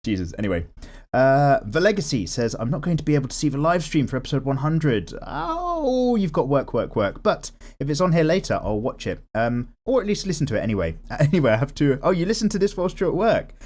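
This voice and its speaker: Lively, animated man chatting. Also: mid-range voice, quick pace. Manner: animated, swears casually, self-deprecating. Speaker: art vlogger. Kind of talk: casual chat while drawing.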